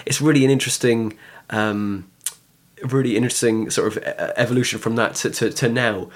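A man's voice: mid-range voice, steady tone, brisk. A man, a comedian guest on a podcast, telling rambling stories with many restarts. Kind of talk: casual podcast chat.

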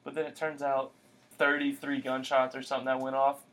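A man's voice: mid-range voice, a little fast. A young man, hosting a casual chat and telling stories with lots of acted-out quotes. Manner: animated storyteller, acts out quotes.

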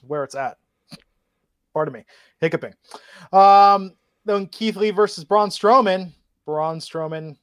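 A man's voice: a little high, no echo, clean studio sound. A man co-hosting a casual wrestling podcast, recapping the night's show with easy asides. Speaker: podcast co-host.

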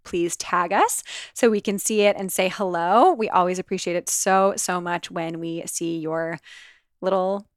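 A woman's voice: fairly low pitch, fairly even intonation, normal speed, no echo, clean studio sound. A woman hosting a podcast in casual chat, bubbly, laughing often and swearing freely. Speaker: podcast host.

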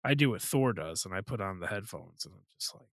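A man's voice: low-pitched, expressive, fairly quick, no room sound. A man chatting casually on a podcast, playful, swearing freely and rambling through stories. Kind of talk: casual chat.

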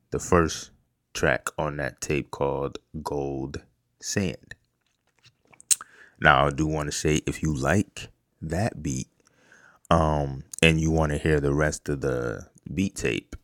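A man's voice: a bass voice, steady tone, slow pace, no echo, clean studio sound. A man from Rochester, New York, hosting a casual podcast in a laid-back, loose way with fillers and asides. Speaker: podcast host and beat producer. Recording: loud beat music playing under the voice.

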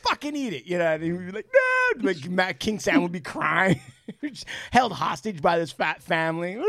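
A man's voice: unhurried, creaky, no echo. A man hosting a podcast, telling profane family stories in casual chat and acting out relatives' lines. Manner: animated, profane, acts out relatives in shrill voices. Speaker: podcast host.

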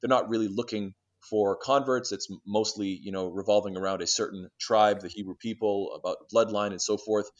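A man speaking quickly in a lowish voice, guest on an interview. He tells stories animatedly, acts out both sides of a conversation, and restarts his sentences often. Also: highs cut off. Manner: animated storyteller who acts out exchanges, many restarts and fillers. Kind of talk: casual storytelling interview.

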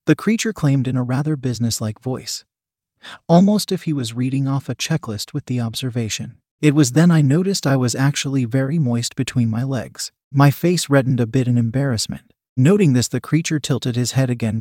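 Male story reader, steady even delivery, mid pitch, dry close recording. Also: moderate pace, dry recording. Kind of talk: storybook narration.

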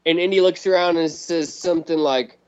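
A man in casual podcast chat, telling a story in a lively, profane way and laughing often. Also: fairly high pitch, fairly quick. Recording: dull lo-fi recording.

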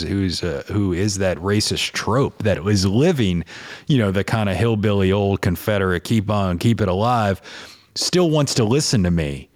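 A man with a New Orleans accent, a podcast guest chatting casually, rambling with many restarts. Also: fairly low pitch. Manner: rambling, restarts a lot, animated. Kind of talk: casual chat.

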